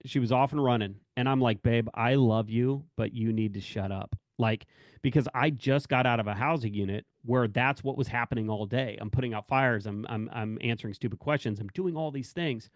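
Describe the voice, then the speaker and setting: Guy talking straight about the job, rambles, restarts a lot, dry close sound, mid-pitched. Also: no echo. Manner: rambling, self-correcting, acts out quoted dialogue. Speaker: corrections officer speaking to staff. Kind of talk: candid spoken talk on work and family.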